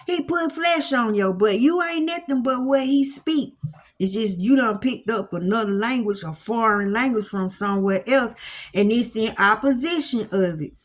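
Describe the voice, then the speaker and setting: A woman's voice: on the high side, normal speed. A woman who gives a casual spiritual talk at home, in a folksy preacher cadence with lots of repetition. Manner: folksy preacher cadence, repeats phrases, Southern vernacular. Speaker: spiritual teacher. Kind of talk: casual monologue to camera. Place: home with dogs at her feet.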